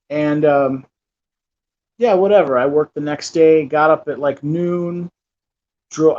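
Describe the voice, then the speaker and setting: A man in his thirties rambles through a personal story, full of fillers and false starts. His voice sits a little high. The recording is dull and lo-fi. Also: a little mellow. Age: 30s. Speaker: channel host. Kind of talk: casual storytelling.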